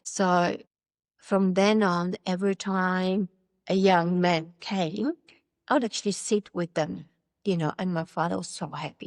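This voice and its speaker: A woman's voice: fairly low pitch, steady tone, unhurried, dry recording. A woman from Poland telling her life story as an interview guest, candid and wry, acting out the voices she quotes and laughing often. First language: Polish.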